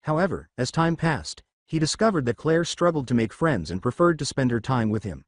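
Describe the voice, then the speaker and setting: A man narrating a fan fiction story in a steady storytelling manner. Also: medium pitch, fairly quick, no room sound, clean studio sound.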